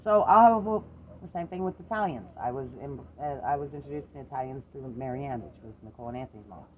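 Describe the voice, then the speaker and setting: A middle-aged parent in a casual chat with their adult daughter, telling lively stories, swearing freely and acting out the voices of the people in them. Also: mid-range voice, fast talker, narrow, tinny audio, a little hiss or hum. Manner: animated storyteller, swears freely, acts out quoted voices.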